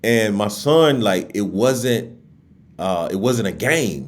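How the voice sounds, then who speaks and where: A middle-aged man, a guest comedian, telling a funny family story in a relaxed podcast chat and acting out the people in it. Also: fairly low pitch, slow. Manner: animated, acts out family members in his stories.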